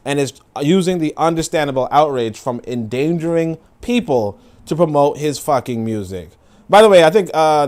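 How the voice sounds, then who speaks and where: A man's voice: mid-range voice, a little mellow. A man hosting a livestream, reacting to viewer comments and clips in a rambling, profane, casual way. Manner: rambling, profane, laughing asides. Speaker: livestream host.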